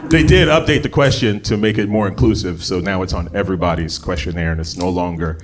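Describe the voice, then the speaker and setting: A man performing a stand-up comedy set, talking conversationally and jumping into loud shouted bits when he acts out voices. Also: sits low, lively intonation, brisk, slight background noise.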